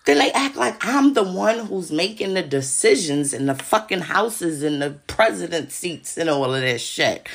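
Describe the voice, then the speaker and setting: Gravelly-voiced woman ranting, profane and agitated. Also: sits low, lively intonation, normal speed, hardly any pauses, slight background noise. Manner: agitated, profane, repeats herself. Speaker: podcast host. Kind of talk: casual monologue to listeners. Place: home.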